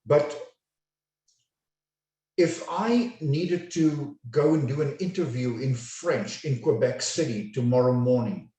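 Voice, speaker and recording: A man coaching a webinar audience, his mellow voice unhurried and each word deliberately enunciated. He sounds set back from the mic, with his voice ringing around a very echoey room. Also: medium pitch, recorded from a distance. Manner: slow, deliberate, carefully enunciated. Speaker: communication coach. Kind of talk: webinar lecture.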